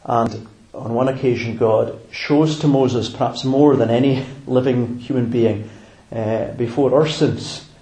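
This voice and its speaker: A man preaching a sermon in a measured, reflective way, pausing on fillers and restarting phrases. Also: medium pitch, warm tone, echoey room, rough recording.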